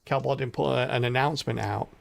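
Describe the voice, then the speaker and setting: Gravelly middle-aged man streaming a game. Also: mid-range voice, quick pace. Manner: rambling, thinks aloud while playing. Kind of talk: live gameplay commentary.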